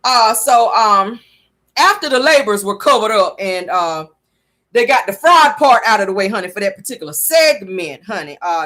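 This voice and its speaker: A woman recaps reality TV with sass and running wisecracks. Her pitch swings widely from line to line, and the talk stays animated throughout. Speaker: show recap host.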